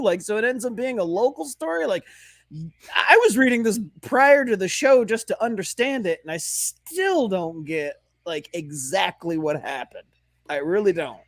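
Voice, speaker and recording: A man's voice: sits high, a bit bright, no room sound. A man co-hosting a sports podcast, rambling and swearing as he covers hockey news. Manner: rambling, profane, laughs easily. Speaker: podcast co-host, hockey segment. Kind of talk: casual sports chat.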